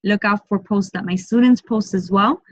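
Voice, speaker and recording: A woman working as a medium, giving an online group reading in a soft, slow, repetitive way and often speaking in first person for the spirit. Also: mid-range voice, no room sound, dull audio.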